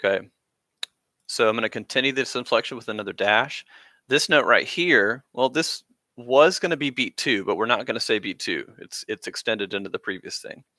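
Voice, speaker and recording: A mid-range, animated voice with a sharp tone belongs to a man running a live-streamed band class at a moderate pace. His rhythm explanations are casual and rambling, with lots of fillers, and the recording is dry with clean studio sound.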